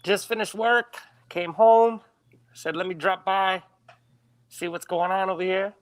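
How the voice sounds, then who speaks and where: A man's voice: high-pitched, measured pace. A man calling in to a live stream, talking in brash, profane, swaggering banter. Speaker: guest caller on stream.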